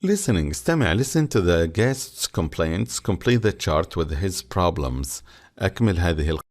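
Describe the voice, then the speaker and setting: A man teaching an English textbook lesson, reading the English slowly and explaining it in Arabic. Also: low-pitched, big pitch swings, darkish tone.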